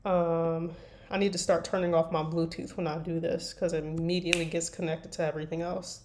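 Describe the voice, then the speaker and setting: A woman's voice: on the low side, level tone, fairly quick, noisy background. A woman chatting casually to viewers on a live stream while she writes fan fiction, rambling and poking fun at herself. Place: at a computer desk. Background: faint keyboard typing and clicks.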